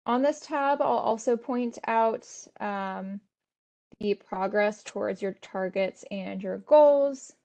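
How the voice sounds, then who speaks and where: A woman presents an instructional webinar, walking listeners through a tool step by step. Her pitch sits in a middle range, and her delivery is steady and explanatory, with frequent casual fillers between points. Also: slow pace, vocal fry.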